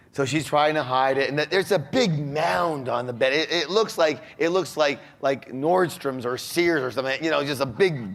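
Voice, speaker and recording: A man giving a talk at an average pitch. He keeps throwing questions out to his listeners and then answers them himself, and he moves easily into telling a story from his own life. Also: a little hiss or hum. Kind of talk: motivational talk with personal story.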